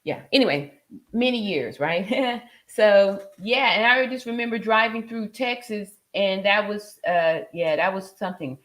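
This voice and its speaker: A woman's voice: mid-range voice, animated, unhurried, fairly bright tone. A woman in her forties hosting a casual livestream, chatting loosely with many fillers and frequent laughs. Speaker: livestream host. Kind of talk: casual livestream chat reading viewer comments.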